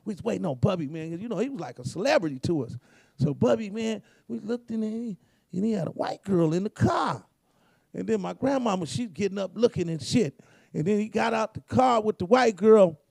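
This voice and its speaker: A hoarse man, telling profane, laid-back comedic stories about his family. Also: sits high, expressive, fairly quick, darkish tone, dry recording. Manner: profane, laid-back storytelling, acts out quotes. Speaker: guest comedian. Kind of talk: storytelling comedy.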